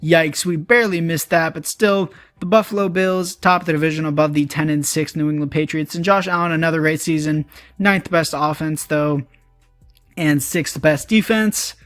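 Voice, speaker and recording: Young man, casual game commentary, chatty, upbeat, slightly high voice, dry close mic. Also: steady tone, normal speed, a bit bright, dry recording. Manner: chatty, upbeat, addresses viewers as boys. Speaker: gaming YouTuber.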